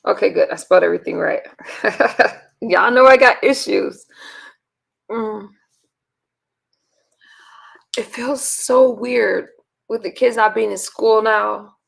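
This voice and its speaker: A woman in her thirties, hoarse and raspy, chatting casually with her livestream viewers and rambling with sighs and fillers. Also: medium pitch, slow, pauses often, a bit bright. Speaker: livestream host.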